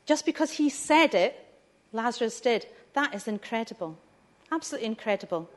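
A woman's voice: fairly high pitch, animated, fairly quick. A woman leading a family church talk, chatty and asking the listeners questions. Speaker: preacher.

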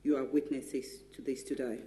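A man reading a Bible passage aloud in church in a steady, formal way. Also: mid-range voice, normal speed, slight background noise. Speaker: scripture reader. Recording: echoey church room.

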